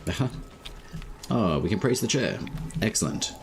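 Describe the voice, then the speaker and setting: An Australian man chatting casually while streaming a game, talking slowly and laid-back with many filler words. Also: on the low side, animated, a little hiss or hum. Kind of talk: casual live-stream chat.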